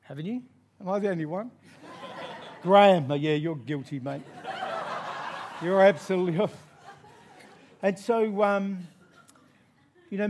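Australian male preacher, slightly higher voice, animated storyteller. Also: a little hiss or hum. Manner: animated storyteller, laughing through the tale. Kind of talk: sermon with a personal story.

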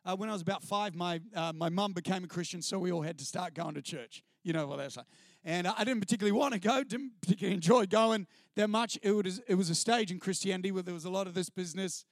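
A middle-aged man from New Zealand with a New Zealand accent, speaking as a guest on a church stage and sharing his testimony in an animated, self-deprecating, chatty way. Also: high-pitched, fast talker, no room sound, studio quality. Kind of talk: personal testimony storytelling to a live audience. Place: stage before a live audience.

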